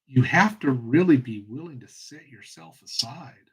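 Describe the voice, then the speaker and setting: A man hosting a reflective solo talk, speaking in an earnest, passionate way with frequent pauses and restarts. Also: mid-range voice, expressive, husky, poor audio. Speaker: host.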